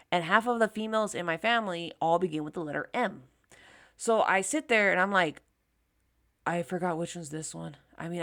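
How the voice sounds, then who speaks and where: This is a woman in her thirties with a voice that sits a touch low, chatting her way through a storytime while she does her makeup. She is candid and loose, swears often, and slips into little voices for the people she quotes. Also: a bit bright. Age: 30s. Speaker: beauty vlogger. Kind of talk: casual storytime chat while doing makeup.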